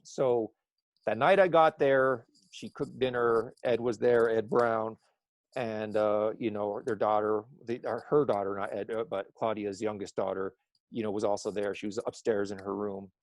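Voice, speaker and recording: A man's voice: on the low side, steady tone, normal speed, no echo. A man telling a story as an interview guest, rambling, with many restarts and self-corrections.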